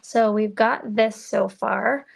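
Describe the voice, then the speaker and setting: A woman's voice: mid-range voice, fairly even intonation, slow, gravelly. A woman giving a chatty, self-deprecating crafting demo, talking to viewers as she works. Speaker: card-making demonstrator.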